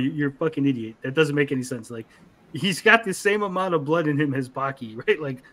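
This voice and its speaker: A young man co-hosting a casual anime review, animated, acting out character lines in funny voices. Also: fairly high pitch. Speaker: podcast co-host.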